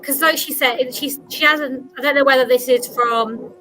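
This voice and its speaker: A woman's voice: high-pitched, fairly even intonation, normal speed, pushed and bright, slight background noise, poor audio. A woman hosting a casual interview, reading out viewer questions. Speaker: host.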